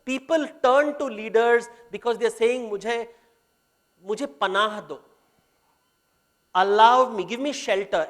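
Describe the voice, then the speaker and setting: A man with an Indian English accent giving a workshop talk on leadership, telling stories from myth and slipping Hindi phrases into his English. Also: sits high. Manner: mixes Hindi phrases into English, retells myths. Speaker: workshop speaker. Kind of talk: storytelling business lecture.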